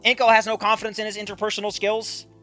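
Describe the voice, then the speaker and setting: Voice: mid-range voice, monotone, fast, pushed and bright, faint music behind. A streamer reading through a game and ranting about its writing in a profane, exasperated way. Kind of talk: game playthrough commentary.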